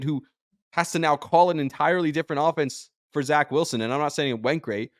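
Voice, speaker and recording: A man's voice: on the high side, dry recording. Drained, emotional man in a dry room. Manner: emotional, rambling, jumps between thoughts. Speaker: podcast host and sports radio personality. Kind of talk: emotional sports podcast monologue.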